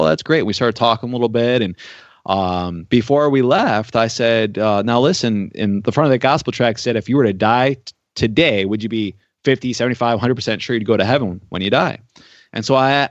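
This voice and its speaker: A man's voice: mid-range voice, dry recording. A man preaching a sermon, telling stories in a conversational way with frequent filler words. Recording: dry, dull-sounding recording.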